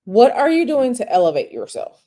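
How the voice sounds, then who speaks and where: Her voice sits a little high, with pitch that swoops wildly, a moderate pace, and a warm tone. As a tarot reader on a live stream, she voices viewers' questions and responds directly, keeping it conversational and repeating phrases for emphasis.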